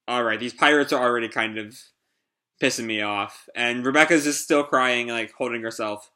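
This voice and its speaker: A man's voice: medium pitch, sing-song, moderate pace, pushed and bright. A young man giving casual live reaction commentary on a comic chapter, amused and laughing often. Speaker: reaction host.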